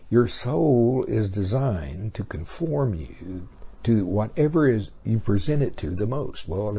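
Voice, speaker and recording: Male preacher, husky voice, mellow dark tone, folksy storytelling sermon. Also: medium pitch. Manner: folksy storytelling, acts out characters.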